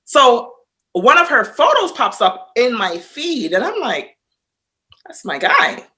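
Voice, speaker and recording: A woman guest on a casual podcast telling a story, animated and profane, acting out both sides of the conversation. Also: a little high, takes it slowly.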